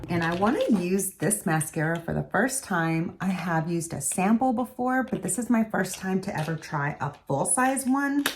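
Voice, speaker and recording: A woman's voice: fairly low pitch, slight background noise. A woman beauty vlogger chatting casually as she does her makeup in a tutorial. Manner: chatty, talks while doing makeup.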